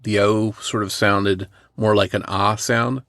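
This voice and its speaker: A lower-voiced man from New Jersey chatting on a true crime podcast. He talks casually and hedges with asides. The sound is dry and close-miked. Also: flat delivery, a little slow, fairly bright tone, no room sound. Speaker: podcast co-host.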